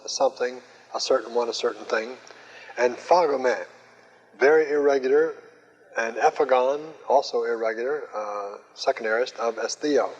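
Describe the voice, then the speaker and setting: A male teacher works through a Greek grammar lesson at a slow, methodical pace, pausing often on fillers. His voice is husky at a middling pitch. The recording is dull and carries a long reverb. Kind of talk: recorded classroom lecture.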